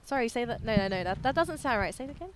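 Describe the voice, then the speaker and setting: A woman with an Australian accent doing live game commentary, teasing and excitable. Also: fairly high pitch, very fast, a little hiss or hum. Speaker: esports caster.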